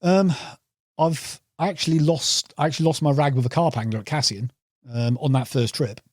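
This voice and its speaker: A man's voice: fairly high pitch, normal speed, dry recording, clean studio sound. A man telling rambling fishing anecdotes as a podcast guest, calling the host "mate". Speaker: podcast guest, carp angler. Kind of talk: casual storytelling interview.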